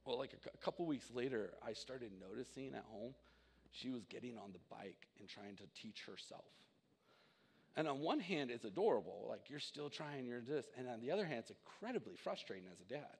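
A man in his thirties preaching a sermon, telling personal stories with animated swings from loud to quiet. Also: medium pitch, a little fast, gravelly, slightly rough. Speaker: pastor. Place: church sanctuary. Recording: reverberant church hall.

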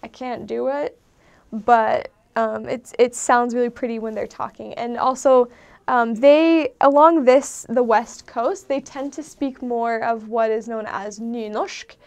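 Her fairly high, slightly mellow voice stays steady and measured as she chats casually about dialects, drifting into asides and lots of ums. The vlogger is not from Norway and speaks as an outsider to the country.

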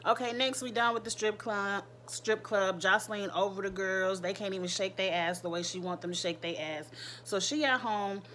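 A woman's voice: mid-range voice, moderate pace, a bit bright. Brief: woman vlogger, AAVE, candid and gossipy, crude slang, faint noise behind. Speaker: reality TV recap vlogger. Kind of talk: casual recap commentary.

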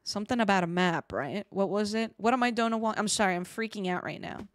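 A woman streaming a game live, chatting with her viewers in an excitable, giggly way. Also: mid-range voice, fast talker, no room sound, clean studio sound. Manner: excitable, giggly, talks to chat.

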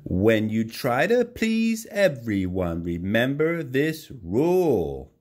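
A man reading a picture book aloud to a child. He does voices for the characters and stops to chat with the child about the pictures. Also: mid-range voice. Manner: slow, lively read-aloud, voices for the characters, chats with the child.

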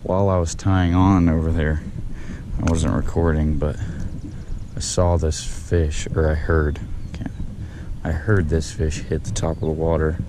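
A man narrating his own fishing trip outdoors by a pond, talking casually and exclaiming loudly over his catches. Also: very deep voice, level tone, a little slow, background noise. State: out of breath. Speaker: fishing vlogger.

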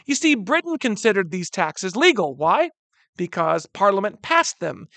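A man in his thirties teaching a history lesson, animated and chatty, often calling the students "guys". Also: high-pitched, no echo. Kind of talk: classroom lecture.

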